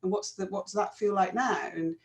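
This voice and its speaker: A woman speaks at an ordinary middle pitch, explaining things thoughtfully. Her delivery is conversational and steady, with gentle fillers. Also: brisk, vocal fry. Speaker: co-host. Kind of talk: casual chat.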